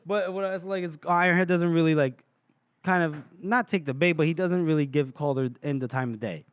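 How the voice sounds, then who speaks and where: A man co-hosting a casual book podcast, summarizing scenes at length and dropping in small laughs. His voice is smooth and clear. The sound is dry and close, and he sits a bit higher than most men. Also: fairly quick, no echo, muffled recording. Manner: retells scenes at length, reading lines aloud with little laughs. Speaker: podcast co-host. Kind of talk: casual chat recapping a novel.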